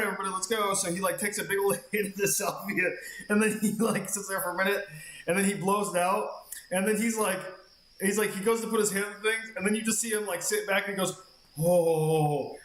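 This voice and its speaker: A man's voice: on the high side, fairly bright tone, reverberant. A man streaming a game, telling a long rambling story in casual chat and swearing freely. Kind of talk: casual chat while gaming.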